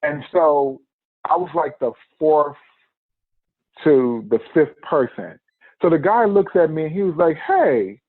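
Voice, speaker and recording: A man's voice: fairly high pitch, lively intonation, a little slow, slightly rough, dry recording. A man telling a personal story in a podcast interview, acting out the quotes and laughing often. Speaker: podcast guest. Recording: tinny phone-line sound, dry.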